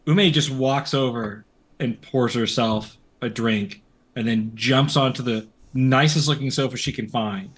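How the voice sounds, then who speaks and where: Husky-voiced man playing a tabletop game. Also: medium pitch, unhurried. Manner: casual, joking. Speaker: player. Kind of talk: casual tabletop play.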